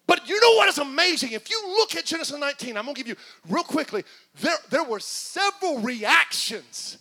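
A pastor preaching a sermon to his congregation, swinging from hushed, muttered asides to shouted calls. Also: very high voice, big pitch swings, brisk, hardly any pauses. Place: church sanctuary with congregation.

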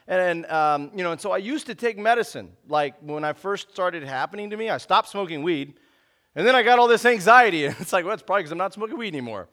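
A man's voice: a little high, a bit bright. A man, preaching a casual sermon in a conversational, laid-back way, often saying "man.". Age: 30s. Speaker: pastor.

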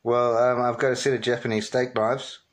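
A man making a prank call with a flat, deadpan delivery. He pauses often and fills gaps with ums, at a middling pitch. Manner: hesitant, deadpan, many ums. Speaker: prank caller.

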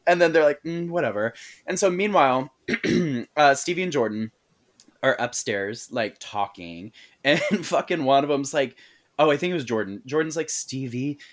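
A man's voice: a little high, lively intonation, normal speed. A man co-hosting a podcast, recapping a horror movie in a casual, profane, storytelling way and slipping into quoted voices. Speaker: podcast co-host.

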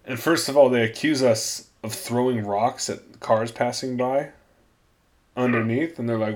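A man's voice: mid-range voice, measured pace. A young man hosting a podcast, chatting casually, laughing often and swearing freely as he tells stories. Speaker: podcast host.

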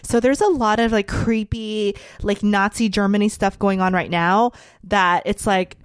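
A woman comedian hosts a casual interview, chatty and quick to tease her guest with jokes. Her voice sits at an ordinary middle pitch. The recording is close and dry, with no room sound. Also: fairly even intonation, clear, resonant tone, dry recording. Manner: chatty, joking, teasing. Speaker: host, comedian.

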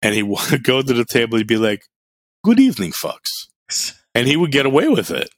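A man's voice: medium pitch, fast talker, dry recording. A middle-aged man chatting on a podcast, telling blunt, profane stories with lots of energy. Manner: animated storyteller, blunt and profane. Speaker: podcast co-host. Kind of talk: casual podcast chat.

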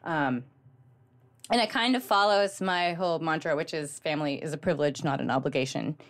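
Podcast cohost lady, gushy and excited, lots of ums, lowish voice. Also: fairly quick. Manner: gushing, animated storytelling with many ums. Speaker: podcast co-host. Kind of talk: casual book chat.

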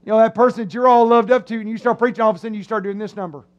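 A male preacher delivers an animated sermon in a church, his voice sitting unusually high. He slips into comic voices to act out his listeners' reactions. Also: rapid-fire, dull audio. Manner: animated, acts out voices of the crowd. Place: church sanctuary.

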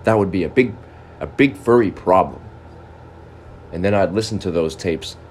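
A man's voice: deep voice, normal speed, darkish tone. A man hosting his own podcast, rambling in a goofy, self-mocking solo monologue over a noisy background. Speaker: podcast host.

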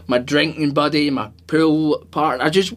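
A man co-hosting a podcast in casual chat, enthusiastic and jokey, rambling quickly. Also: fairly high pitch, steady tone. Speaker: podcast co-host.

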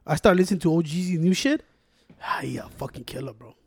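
A man talks rap with his friends, switching between English and Spanish, full of slang and curses. His voice sits high and moves fast. The sound is close and dry. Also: lively intonation, husky, dry recording. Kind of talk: casual chat.

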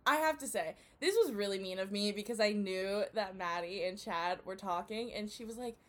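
A woman's voice: medium pitch, moderate pace. A young woman co-hosting a podcast, teasing her friend playfully, swearing and laughing in casual banter. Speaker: podcast co-host.

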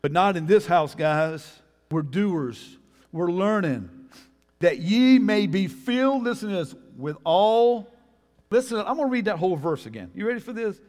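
A middle-aged male pastor preaching a folksy sermon, calling on the congregation to answer and building to loud, emphatic peaks. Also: high voice, expressive, normal speed. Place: church. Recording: long reverb of a church hall.

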